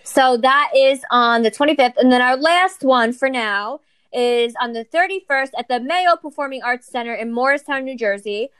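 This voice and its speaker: High, smooth-voiced brash young woman. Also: normal speed, fairly bright tone, no echo. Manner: brash, swearing, promotional. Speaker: podcast co-host. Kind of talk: casual chat.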